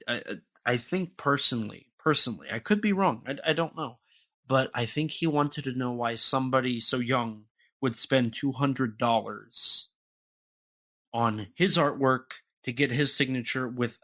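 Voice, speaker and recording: Halting, bright-voiced young man. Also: medium pitch. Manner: rambling, halting, many restarts and fillers. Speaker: podcast co-host. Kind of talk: casual podcast chat.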